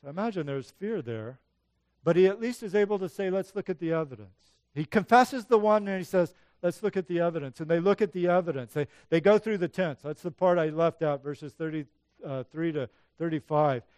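A man's voice: on the high side, normal speed, a little mellow, no room sound, studio quality. A man preaching a sermon in a conversational teaching manner, acting out the Bible passages he quotes. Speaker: pastor.

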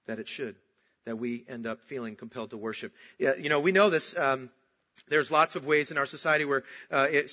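Bright-voiced emphatic male preacher. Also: on the high side. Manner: emphatic, swings from loud outbursts to slow hushed stresses. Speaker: pastor. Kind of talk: sermon. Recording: dull lo-fi recording.

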